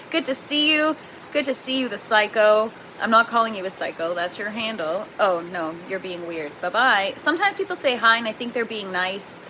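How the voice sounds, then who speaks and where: A chatty young Canadian woman hosts a gardening livestream, excitable and quick to laugh as she answers viewers. Her voice is bright and a little high. A faint hum of the room sits behind her. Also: rough recording. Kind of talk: casual livestream chat, reading viewer comments aloud.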